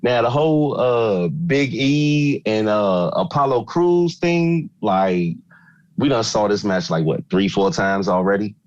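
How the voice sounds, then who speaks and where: A man's voice: fairly low pitch, expressive, takes it slowly, no room sound, highs cut off. A man co-hosting a wrestling podcast in laid-back, slangy casual chat that rambles. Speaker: podcast co-host.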